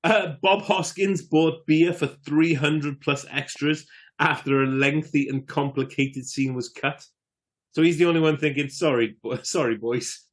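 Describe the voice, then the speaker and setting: A man's voice: a little high, steady tone, measured pace. A man co-hosting a film podcast, reading out trivia in a laid-back, casual way. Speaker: podcast co-host.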